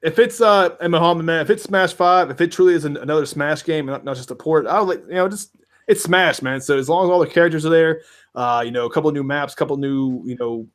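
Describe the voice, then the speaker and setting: Male podcast host, slightly higher voice, loose rambling chat, reads out viewer questions. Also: fast. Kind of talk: casual gaming podcast chat.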